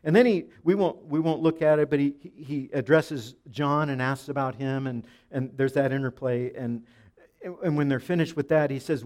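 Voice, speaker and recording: A man preaching a Bible sermon, restarting phrases often and dropping softer when he quotes scripture. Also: medium pitch, moderate pace. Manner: preaching with frequent repeats and restarts, dropping soft for quoted lines. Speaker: pastor.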